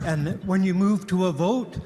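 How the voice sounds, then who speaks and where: Polite high-voiced delegate, hall reverb. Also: male voice, mellow. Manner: polite, measured request. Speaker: convention delegate. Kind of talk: formal floor speech. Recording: long reverb from a large hall.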